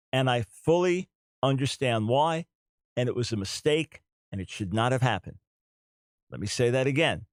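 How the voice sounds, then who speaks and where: A man's voice: medium pitch, dry recording. A middle-aged man hosting a talk radio show, speaking earnestly and emphatically, repeating his key points.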